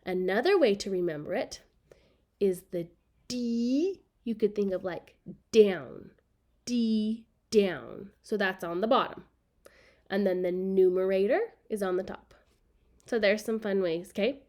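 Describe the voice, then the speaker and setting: A woman's voice: mid-range voice, a little slow, darkish tone. A woman teaching a children's math lesson, speaking patiently and repeating key words so students can write them down.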